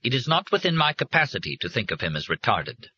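Guy doing a stern shrewd mom voice, higher than his own, husky, lively. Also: fast talker, no echo, highs cut off, full character voice. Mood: firm. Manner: firm and cold, then quavering. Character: firm, politically shrewd mother, middle-aged woman.

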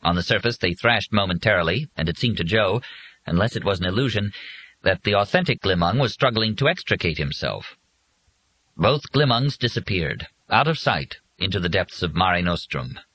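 A man reading an audiobook in a husky voice with dramatic, expressive scripted narration. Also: low voice, moderate pace, low-quality recording.

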